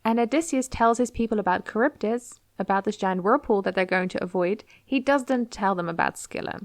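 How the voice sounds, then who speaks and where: Woman, podcast host, lively casual storyteller, dry close recording. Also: medium pitch, brisk, no room sound. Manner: lively, slips into playful voices for the characters. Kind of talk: casual storytelling retelling of a book.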